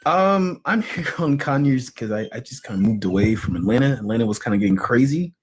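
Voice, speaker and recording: A man from Georgia calling in to a livestream, hesitant and halting with lots of fillers. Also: medium pitch, animated, breathy edge. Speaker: caller. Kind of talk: casual call-in chat.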